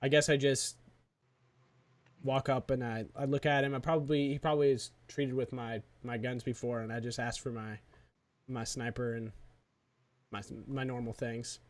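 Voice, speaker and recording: A laid-back man describing his actions in a tabletop game, turning gruff when he speaks in character. His pitch is average. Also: flat delivery, normal speed, a little hiss or hum. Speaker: player. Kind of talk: casual tabletop banter.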